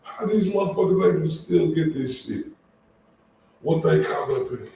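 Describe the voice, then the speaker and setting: Angry male commentator, slow, profane rant, mellow tone, far off in a reverberant room with light noise. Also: fairly high pitch, animated, creaky. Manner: angry, heavy swearing, drawn-out complaints. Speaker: online commentator. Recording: very echoey room, far from mic, faint noise.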